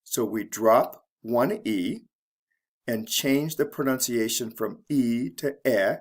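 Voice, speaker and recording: A man explains English spelling rules at an unhurried, careful pace, his voice sitting at an ordinary middle pitch. He spells out letters one at a time and pauses between short phrases like a patient teacher.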